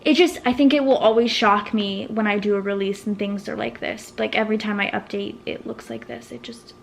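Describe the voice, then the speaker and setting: A woman, vlogging at home in a nervous, excitable, rambling way full of restarts. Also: mid-range voice, a little fast, vocal fry, slight background noise. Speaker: vlogger and small business owner. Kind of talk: casual vlog chat to camera.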